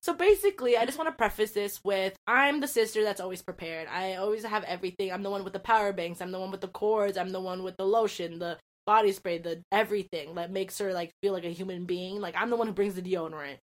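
Loud, swearing, laughing young woman. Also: mid-range voice, fast talker, hardly any pauses. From California. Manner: animated, swears a lot, laughs often, acts out quotes loudly. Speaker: podcast co-host. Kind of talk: casual chat.

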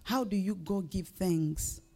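A woman's voice: medium pitch, takes it slowly, mellow. A woman pastor preaching a sermon, building up to emphatic rising questions.

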